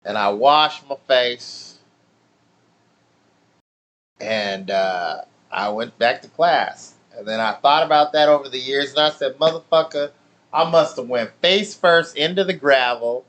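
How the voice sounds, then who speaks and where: Casting: adult man, mid pitch, loose and profane storyteller. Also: a little slow. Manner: profane, laughing, animated storytelling. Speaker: channel host. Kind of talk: casual storytelling.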